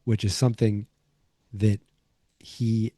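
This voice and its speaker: A man with a low, very dark and mellow voice talks through an episode recap as a podcast host. He rambles, with plenty of "um"s and restarts. The sound is dry and close, with no room echo. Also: flat delivery, slow. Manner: rambling, many fillers and restarts.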